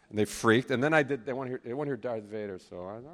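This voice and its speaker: A man's voice: mid-range voice, fairly quick, creaky, long pauses. A man, a voice actor, telling anecdotes to a crowd at a convention in a large hall, laughing as he goes. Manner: animated storyteller who laughs and slips into voices. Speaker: voice actor giving a talk.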